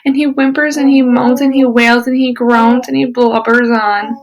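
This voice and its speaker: A woman teacher reading a picture book aloud to children, expressive, with whispered asides. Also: a little high, normal speed, a little hiss or hum, poor audio.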